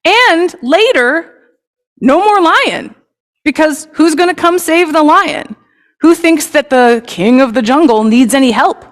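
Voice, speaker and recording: Woman worship leader, somewhat high, friendly and chatty, on a mic in a reverberant sanctuary. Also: a little slow. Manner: lively, chatty and inviting. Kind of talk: children's story in a service. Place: congregation sanctuary. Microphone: microphone.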